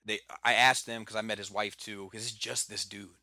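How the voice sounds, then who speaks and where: A man's voice: lowish voice, level tone, a little fast, bright, forceful tone, dry recording. A man in casual podcast chat, telling rambling stories packed with fillers and swearing. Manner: rambling storytelling full of fillers and profanity.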